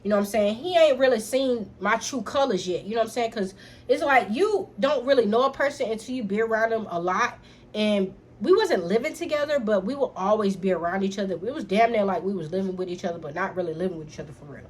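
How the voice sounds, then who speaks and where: A young woman telling a personal story straight to camera in an animated, profane way, talking to her viewers as y'all. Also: medium pitch, quick pace, breathy edge. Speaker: storytime vlogger. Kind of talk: casual storytime vlog.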